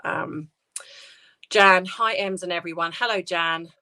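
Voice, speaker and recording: A British woman hosting a casual livestream, talking softly and hesitantly with many ums and restarts as she answers viewer comments. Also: fairly low pitch, steady tone, slow pace. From United Kingdom. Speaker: livestream host.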